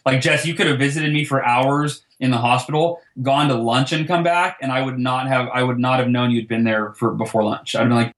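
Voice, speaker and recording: A man recounting a personal story in conversation, earnest and quick, often repeating words as he goes. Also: mid-range voice, fairly even intonation, fairly bright tone. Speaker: podcast guest. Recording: roomy, echoey sound.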